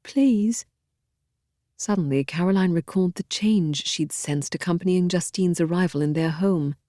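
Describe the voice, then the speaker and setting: Brief: audiobook narrator, woman, low and dark voice, dry close studio sound, measured and expressive. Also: no room sound. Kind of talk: scripted narration of a historical novel.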